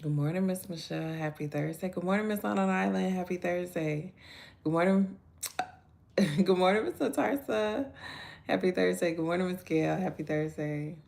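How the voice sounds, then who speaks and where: A woman hosts a casual live-stream devotional, chatting with viewers and greeting each one by name. Her voice sits low and carries a heavy gravelly fry. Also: normal speed, darkish tone. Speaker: devotional livestream host.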